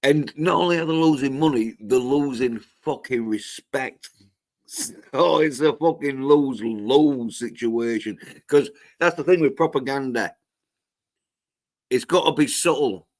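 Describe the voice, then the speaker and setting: Guy ranting on his livestream, swears a lot, slow, keeps restarting. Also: medium pitch. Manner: profane, ranting, halting with restarts. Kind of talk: solo livestream rant.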